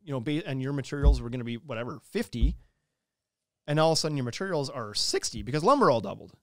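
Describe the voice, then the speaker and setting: A man talking quickly on a podcast, piling up thoughts with frequent restarts and filler words. His voice sits at an ordinary middle pitch and sounds close and dry, with no room around it. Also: lively intonation, dry recording. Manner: quick, rambling, many "like"s and restarts. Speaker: podcast co-host. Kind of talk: casual podcast chat.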